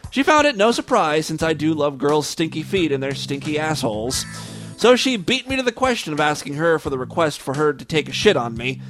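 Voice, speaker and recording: A man's voice: fairly high pitch, animated, fairly quick, a bit bright, faint music behind. A man hosting a podcast, reading a listener's story aloud and breaking off for wry asides. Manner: wry asides between read passages. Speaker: podcast host.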